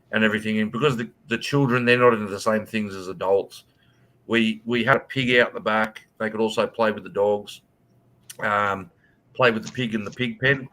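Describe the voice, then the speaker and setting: A man's voice: fairly low pitch, normal speed. A young man casually telling a story in online voice chat, swearing and acting out what people said. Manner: animated, swearing, acts out quotes. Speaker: host.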